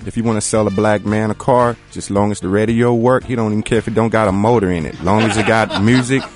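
Laid-back low-voiced male co-host. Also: fairly even intonation, fast, soft background music. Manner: laid-back storytelling, says man a lot. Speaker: radio co-host. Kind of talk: casual chat. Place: radio studio.

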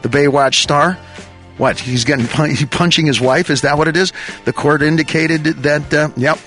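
A man's voice: a little high, steady tone, normal speed, fairly bright tone, soft background music. A man hosting a radio talk show, riffing and joking loosely with his crew and laughing between lines. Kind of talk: rambling comic radio talk. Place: radio studio.

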